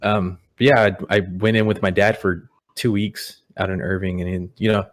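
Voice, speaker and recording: A young man telling personal stories in a relaxed, rambling way, full of "you know". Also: lowish voice, moderate pace. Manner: rambling, repeats words, many "you know"s. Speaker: guest. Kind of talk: casual podcast storytelling. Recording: audio-only podcast.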